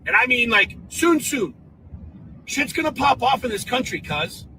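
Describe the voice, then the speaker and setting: Furious high-voiced man in a clip. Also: big pitch swings, measured pace, background noise. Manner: furious, profane, defiant. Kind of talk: angry video rant.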